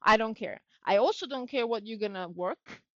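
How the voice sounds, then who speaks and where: A woman's voice: a little high, lively intonation, normal speed, sharp tone, no echo, dull audio. A woman guest on a streamed chat, speaking in an emphatic, blunt, outspoken way over a remote call. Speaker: guest, mother.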